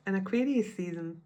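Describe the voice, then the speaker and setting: A woman's voice: mid-range voice, noisy background. A woman giving a tarot card reading. She thinks aloud in a chatty way and often restarts her sentences. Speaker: tarot reader.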